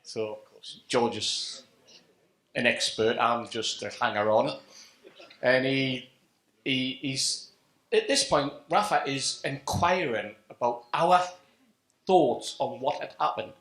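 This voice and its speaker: A man telling an animated anecdote at a live fan event, acting out the dialogue. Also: mid-range voice, slow pace. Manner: animated storyteller, acts out quoted dialogue. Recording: echoey event room.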